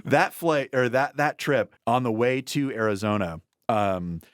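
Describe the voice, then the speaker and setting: A man's voice: medium pitch, expressive, dry recording, clean studio sound. A man co-hosting a casual chat, telling stories with wry asides. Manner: wry, storytelling, quick asides. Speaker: podcast co-host.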